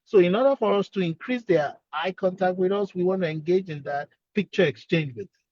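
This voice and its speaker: A man's voice: sits high, a little fast, a little mellow, no echo, highs cut off. A man, a speech-language pathologist, explaining earnestly on a webinar and repeating his key points.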